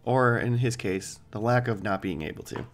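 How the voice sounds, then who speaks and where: A man's voice: on the low side, moderate pace, soft background music. A man hosting a let's play, giving casual gameplay commentary with joking, rambling asides.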